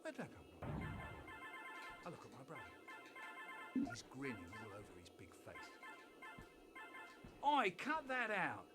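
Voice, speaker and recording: Storyteller, animated reading of a children's tale, very expressive pitch, loud music behind. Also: normal speed, long pauses. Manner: animated, voices the family. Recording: loud music over the recording.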